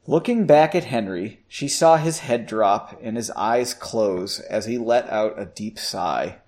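A man's voice: on the low side, animated, unhurried, a little mellow. A man casually reading a fantasy story aloud, fixing slips and poking fun at the clumsy writing. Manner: self-correcting, mocks the text. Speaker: reader. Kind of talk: casual fiction read-aloud.

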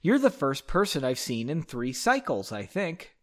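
A man's voice: fairly high pitch, wildly swooping pitch, normal speed, fairly bright tone. A man voicing an airy, friendly, otherworldly woman spirit in a read-aloud story. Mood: gentle airy.

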